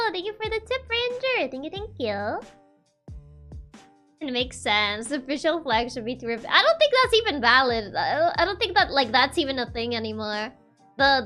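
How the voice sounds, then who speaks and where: A woman's voice: high-pitched, bright, forceful tone. A woman chatting casually with her viewers on a livestream, giggling often between remarks. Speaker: virtual streamer.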